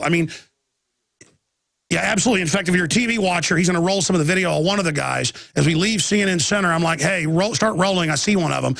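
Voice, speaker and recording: A man's voice: high voice, vocal fry, a bit bright, dry recording. A man in his thirties with a Texan accent hosting a live talk radio show, telling a rambling story full of restarts and quoted voices.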